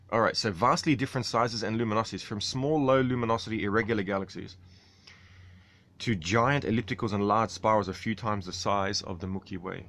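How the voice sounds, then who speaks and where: A man's voice: fairly low pitch, fairly quick, a bit bright. A man streaming, talking casually about astronomy while reading chat, with a rambling, chatty manner. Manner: rambling, chatty, laughs often.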